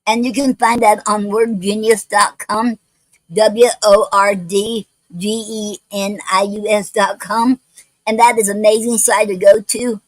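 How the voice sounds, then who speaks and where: Woman, poetry stream host, halting speech, slightly unclear words, dry close sound. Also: medium pitch, level tone, no room sound, poor audio. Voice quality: some words not pronounced clearly. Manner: halting, many restarts and fillers, spells out words letter by letter. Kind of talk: casual livestream talk. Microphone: home livestream mic.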